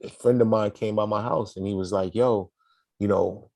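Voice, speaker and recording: A middle-aged man spins a story in slangy, lively talk and acts out the people in it. His voice has a gravelly fry at the edges. The sound is close and dry. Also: fairly low pitch, a little fast, no echo. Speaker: guest. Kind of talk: casual storytelling in an interview.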